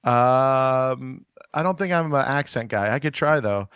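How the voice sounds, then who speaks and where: A man co-hosting a comedy podcast, chatting in a halting, deadpan way with many fillers. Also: medium pitch, smooth, dry recording, studio quality. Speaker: podcast co-host. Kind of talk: casual chat. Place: Texas.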